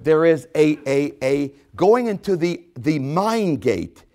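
Male pastor, slightly high voice, emphatic sermon delivery. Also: sing-song, slow pace, darkish tone. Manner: emphatic preaching with repetitions and quoted voices.

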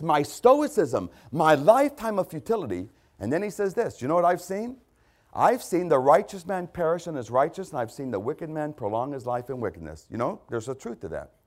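Impassioned preacher man, lively pitch. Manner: impassioned, rhetorical questions, repeats key phrases. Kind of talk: sermon.

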